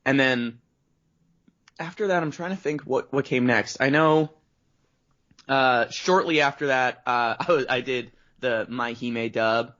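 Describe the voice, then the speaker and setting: A man from Canada tells rambling stories about his start as a voice actor, his voice sitting at an ordinary middle pitch. He slips into the voices of the people he quotes. The recording is dull and lo-fi. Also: a little slow, a bit bright. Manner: rambling storyteller, acts out quotes. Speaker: guest voice actor. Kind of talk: casual interview chat. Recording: dull lo-fi audio.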